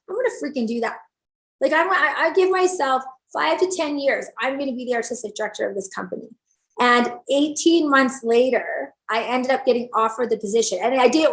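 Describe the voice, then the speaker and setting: A middle-aged woman, a salon owner and stylist, telling stories in an interview and acting out the lines people said to her. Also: fairly high pitch. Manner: animated, acts out quoted dialogue. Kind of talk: storytelling interview. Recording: roomy echo.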